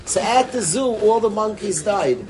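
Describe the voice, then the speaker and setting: A man telling a joke and drawing a lesson from it, in a lively, rambling way and sprinkling in Yiddish words. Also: high-pitched, normal speed. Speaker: storyteller and speaker. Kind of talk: animated storytelling talk with a lesson.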